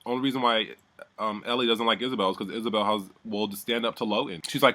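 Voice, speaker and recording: A man's voice: fairly low pitch, fairly even intonation, fast talker, bright, forceful tone. A man giving a heated, profane recap of a reality show, talking animatedly and mimicking the people he describes. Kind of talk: heated casual recap rant.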